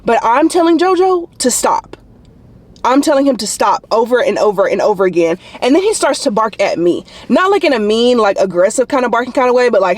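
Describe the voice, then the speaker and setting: A woman's voice: mid-range voice, expressive, quick pace. A young adult woman, a nursing student, chatting casually to camera in a vlog and telling stories with lots of "like" fillers. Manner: chatty storyteller, frequent "like" fillers.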